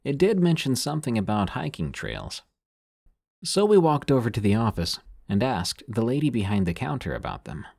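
A man reading listener-sent scary stories aloud as a narrator, in a measured storytelling delivery that sinks quieter on the eerie lines. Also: mid-range voice, wildly swooping pitch, creaky, husky, dry recording, studio quality.

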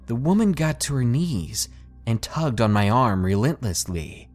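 A man reading first-person scary stories in a steady, scripted narration with dramatic pauses. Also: mid-range voice, soft background music. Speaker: storyteller reading submitted stories.

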